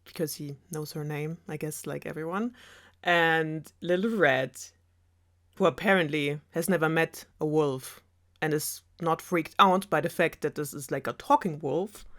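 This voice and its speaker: A woman's voice: deep voice, measured pace. Chatty German woman retelling fairy tales. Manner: chatty, rambling asides with laughs. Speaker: storyteller host. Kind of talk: sarcastic fairy tale retelling.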